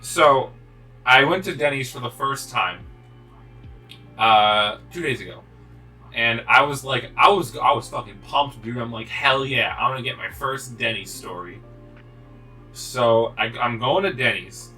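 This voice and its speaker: A man's voice: medium pitch, a little slow, sharp tone, distant mic, faint music behind, rough recording. A young man co-hosting a gaming video, telling a rambling, swearing story with many restarts. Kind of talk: casual chat while playing.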